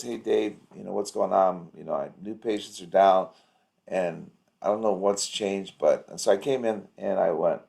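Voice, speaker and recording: Gravelly and lowish, with a darkish tone, this man coaches a practice owner on a video call. He keeps things casual, wandering through anecdotes while staying upbeat and encouraging.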